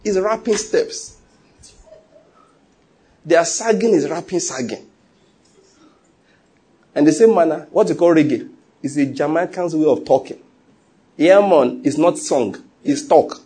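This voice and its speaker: A middle-aged man preaching a sermon, telling stories with animated quoted voices and frequent laughs. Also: on the high side, a little slow, pauses often, breathy edge. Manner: animated storytelling, laughs often, acts out quotes. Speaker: pastor.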